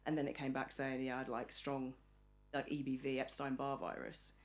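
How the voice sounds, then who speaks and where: A woman's voice: rumbling low, little pitch movement, moderate pace. An English woman in a casual podcast interview, chatty and acting out the voices of people she quotes. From England. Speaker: podcast guest. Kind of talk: casual chat.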